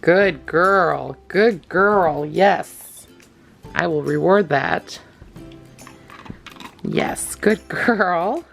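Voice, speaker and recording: Chatty low-voiced woman training her dog. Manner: chatty, laughs often, coos praise at her dogs. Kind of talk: casual instructional vlog.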